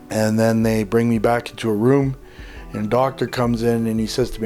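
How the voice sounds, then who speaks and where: A man tells his own life story in an interview. He is a lively storyteller who acts out the dialogue and uses many fillers like "uh" and "like". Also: mid-range voice, a little fast, soft background music. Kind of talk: personal testimony told in an interview.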